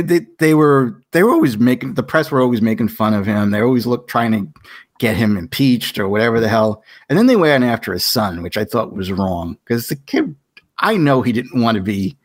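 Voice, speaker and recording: A man's voice: lowish voice, no room sound, studio quality. A man hosting a podcast in casual chat, telling long rambling stories and acting out quoted back-and-forths. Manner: rambling storyteller who acts out quoted exchanges. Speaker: podcast host.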